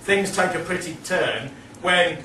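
A man's voice: sits high, a little slow, slight background noise. Rambling man talking in an echoey room. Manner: rambling, animated, laughing asides. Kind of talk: casual lecture-style literary talk. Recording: roomy, distant mic, faint ambience.

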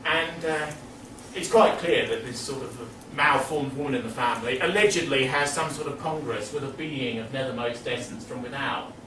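A man giving a rambling, animated literary talk with frequent laughing asides. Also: medium pitch, normal speed, noisy background. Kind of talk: casual lecture-style literary talk. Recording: roomy, distant mic, faint ambience.

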